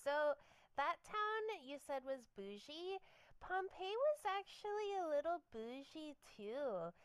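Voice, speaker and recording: A young woman co-hosting a podcast, sharing researched facts in a relaxed, chatty way with lots of fillers. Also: sits high, takes it slowly, no room sound. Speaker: podcast co-host. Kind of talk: casual chat.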